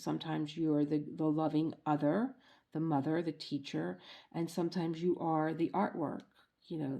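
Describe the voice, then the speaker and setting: A woman's voice: sits low, vocal fry. A middle-aged woman vlogging casually at home, telling stories in a chatty way and acting out quotes. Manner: chatty storyteller, animated quoting. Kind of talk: casual chat.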